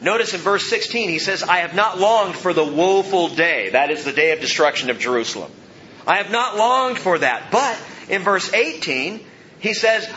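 A man's voice: high-pitched, animated, moderate pace, sharp tone, a little hiss or hum. A man preaching a verse-by-verse sermon, rising and stressing each quoted line of scripture. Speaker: pastor. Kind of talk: expository sermon. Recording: slightly dull sound, faint ambience.

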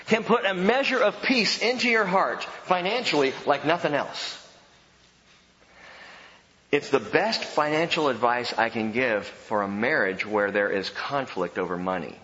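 A man preaching a sermon as pastor, animated and emphatic with humorous asides. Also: on the high side. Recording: dull sound with long hall reverb.

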